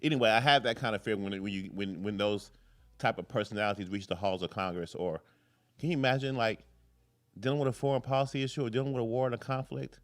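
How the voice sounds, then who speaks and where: A man's voice: lowish voice, quick pace. Rambling man hosting a live political show. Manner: rambling, jumps between tangents, curses freely. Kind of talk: casual live political commentary.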